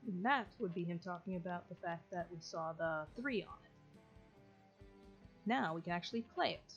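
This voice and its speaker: A woman hosts a let's play, chatting casually and walking viewers through each step. Her voice sits fairly low. The recording is dull and lo-fi, with faint game music underneath. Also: normal speed. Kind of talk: casual gameplay commentary.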